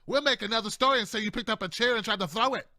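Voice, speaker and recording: A man voicing a smug, dismissive male party insider who talks down to a newcomer in a slow, taunting way. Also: high-pitched, sharp tone, no echo, clean studio sound.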